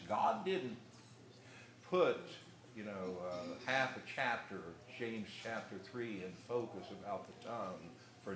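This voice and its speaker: Folksy preacher man in an echoey church. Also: lowish voice. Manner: folksy storytelling with pauses and restarts. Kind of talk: sermon. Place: church hall. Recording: echoey room with faint noise.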